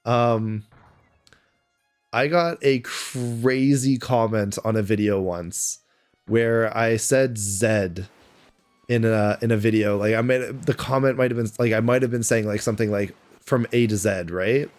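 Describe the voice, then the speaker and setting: A man's voice: on the low side, fairly even intonation, unhurried, soft background music. A man with a Canadian accent, chatting casually on a live stream and answering viewers' questions aloud. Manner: chatty, answers chat questions aloud between game moments.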